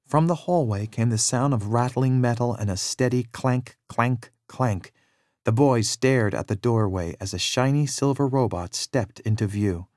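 A man narrating a children's adventure story in a measured, expressive read-aloud style, with a very dry sound. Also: mid-range voice, no echo.

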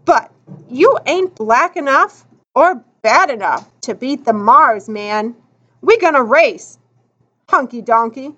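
A woman's voice: high-pitched, expressive, slow, fairly bright tone, highs cut off, heavily acted. A woman voicing a boastful, taunting boy runner who talks in street slang in a storybook reading. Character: tough cocky boy runner, boastful and sore loser.

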